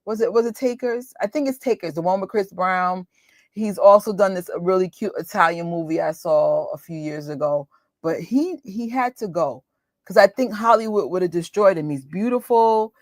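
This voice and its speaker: A woman in her forties, hosting a movie watch party, talking in a chatty, animated and exclamatory way. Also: on the low side, moderate pace, no echo, studio quality. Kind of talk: casual chat.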